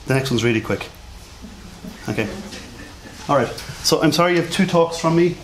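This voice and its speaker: A man's voice: fairly high pitch, animated, moderate pace. Guy with an accent giving a talk at a conference, chatty, lots of ums, faint hiss behind. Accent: non-standard English accent. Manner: self-deprecating, chatty, many fillers. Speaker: conference speaker. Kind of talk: conference lecture.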